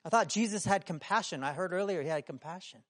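A man preaching a sermon in a conversational way, asking the room many questions and acting out the voices in his story, sometimes shouting. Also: high voice, quick pace. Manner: acts out quoted voices, shouting at times.

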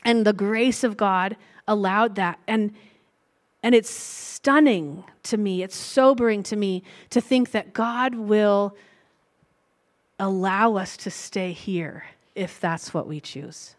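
Delivering a sermon built around her own testimony, a middle-aged woman speaks at medium pitch. Her tone is earnest and reflective, and she eases her pace to underline important lines.

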